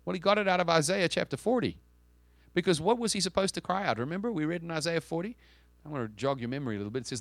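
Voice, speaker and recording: A man's voice: fairly high pitch, a bit bright, dry recording. A man preaching a sermon in a conversational, emphatic way, asking the listeners questions and often restarting his sentences. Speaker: pastor.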